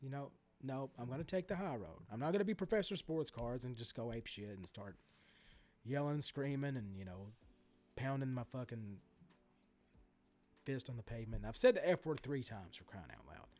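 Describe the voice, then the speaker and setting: Animated, profane card-collecting ranter. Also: male voice, mid-range voice, moderate pace. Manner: animated, profane ranting with many asides and restarts. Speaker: sports card collector vlogger. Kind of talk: ranting vlog commentary.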